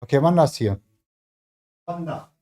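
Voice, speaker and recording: A man's voice: fairly high pitch, expressive, unhurried, dark tone. A man streaming from his home gym mid-workout, chatting loosely with viewers and filling his speech with "like", a non-native English speaker. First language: not English. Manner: rambling, heavy use of "like" as filler; reads and answers chat messages. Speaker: fitness streamer. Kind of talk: casual livestream chat.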